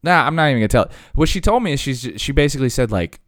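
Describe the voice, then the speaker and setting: A man's voice: mid-range voice, big pitch swings, very fast, few pauses, fairly bright tone, dry recording, studio quality. A man talking casually, rambling through stories with lots of fillers and asides.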